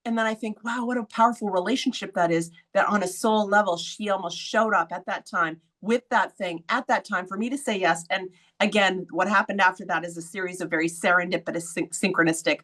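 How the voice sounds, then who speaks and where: A woman hosting a podcast, telling a story in a casual, blunt way, swearing freely and acting out quoted voices with sudden high jumps. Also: a little fast, hardly any pauses, a bit bright. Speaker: podcast host.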